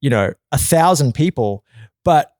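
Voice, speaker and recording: A man telling a long, animated story in a casual podcast chat, often swearing and acting out quotes in a loud, high voice. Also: unhurried, no room sound. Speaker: podcast guest.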